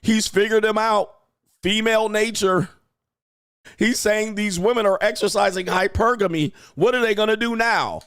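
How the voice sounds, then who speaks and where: A gasping, wide-eyed woman reacting with exaggerated mock shock, as a man puts her on. The voice rides higher and louder than his usual talk, with a gravelly edge. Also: normal speed, no echo, studio quality. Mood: mock amazement.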